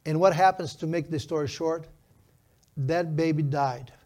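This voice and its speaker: A man in his fifties, a pastor preaching a sermon with a grandchild in his story, speaking emphatically and slowing down for key phrases with slightly non-native phrasing. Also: on the high side, a little mellow.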